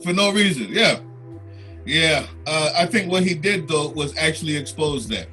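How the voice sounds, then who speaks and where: A man's voice: a little high, lively intonation, moderate pace, bright, forceful tone, soft background music. A man co-hosting a podcast who concedes points and then pushes back insistently. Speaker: podcast co-host. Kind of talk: casual debate on a podcast.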